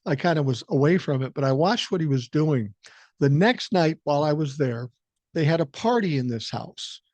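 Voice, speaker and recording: A man's voice: on the high side, lively intonation, normal speed, a little mellow, dry recording. A man in his sixties from the American Midwest, hosting a podcast and telling a story in a blunt, profane, laid-back way. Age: 60s. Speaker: podcast host. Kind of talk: casual storytelling monologue.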